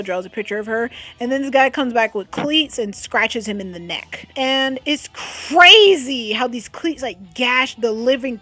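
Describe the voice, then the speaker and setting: A woman's voice: a little high, a bit bright. A young adult woman chatting casually about a comic she is reading, gushing and chatty. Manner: chatty, gushing, with lots of fillers. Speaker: webcomic recommender. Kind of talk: casual chat.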